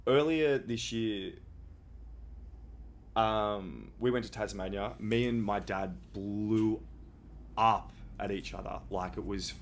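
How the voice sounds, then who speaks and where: A man's voice: fairly low pitch, slow pace, a little hiss or hum. A young man who hosts a podcast. He tells a personal story in a candid, casual way and swears freely. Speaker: podcast host.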